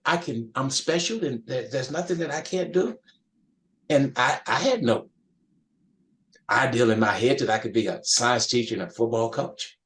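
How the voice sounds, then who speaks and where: An older man, a podcast guest, telling an emotional story from his youth with emphatic restarts. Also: medium pitch. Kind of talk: storytelling in an interview.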